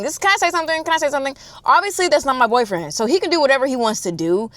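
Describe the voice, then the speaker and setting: A woman's voice: on the high side, fast, hardly any pauses, soft background music. Dramatic chatty woman telling a story. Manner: dramatic, animated, chatty, addresses the audience as y'all. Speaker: storytime vlogger. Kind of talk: storytime vlog.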